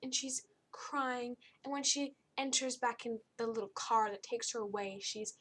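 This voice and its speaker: A woman's voice: fairly high pitch, normal speed, a bit bright, breathy edge. A young woman giving a casual, blunt and exasperated spoken book review, rambling with frequent restarts.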